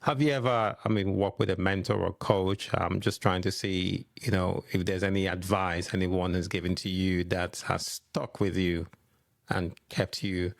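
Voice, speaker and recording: Man, podcast host, low voice, dry sound, encouraging. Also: flat delivery, normal speed, gravelly, dry recording. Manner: encouraging, with short affirming replies. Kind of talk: conversational interview.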